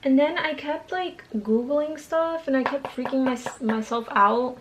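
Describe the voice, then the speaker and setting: A woman's voice: sits high, a little slow, a little hiss or hum, low-quality recording. A young woman chatting casually while she does her makeup at home, rambling with lots of slang and fillers. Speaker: beauty vlogger. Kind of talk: chatty get-ready-with-me vlog. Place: home, doing makeup at a mirror.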